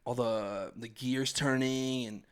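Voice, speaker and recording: A young man tells a family story on a podcast in loose, chatty fashion. He laughs often and jumps into voices for his relatives. His voice sits at an ordinary middle pitch. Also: fairly even intonation, takes it slowly, clear, resonant tone. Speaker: podcast host. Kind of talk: casual storytelling chat.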